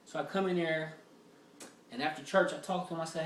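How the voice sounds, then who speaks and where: A man works through a rough draft of stand-up material, swearing freely and rambling through his stories with plenty of filler words. He sounds set back from the mic, and the room around him is echoey. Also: on the high side, fairly quick, bright, forceful tone, recorded from a distance, slight background noise. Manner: profane, rambling storytelling with many fillers. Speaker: stand-up comedian.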